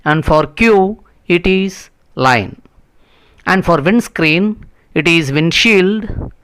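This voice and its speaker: A man's voice: high-pitched, lively intonation, slow pace, a bit bright, clear, resonant tone. A man teaching English, working through textbook exercises step by step and reading the sentences aloud. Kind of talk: textbook lesson walkthrough.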